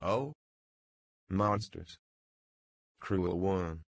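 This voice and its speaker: A man's voice: deep voice, extremely slow, creaky, no echo, clean studio sound, full character voice. A man reading an audiobook voices a cowed, timid victim who pleads and whimpers.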